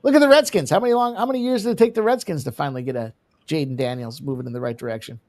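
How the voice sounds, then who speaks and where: A man hosting a live sports betting show, talking fast and animated about football, soccer and fights. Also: fairly high pitch. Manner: animated, quick sports talk. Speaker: host. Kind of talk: casual sports betting chat.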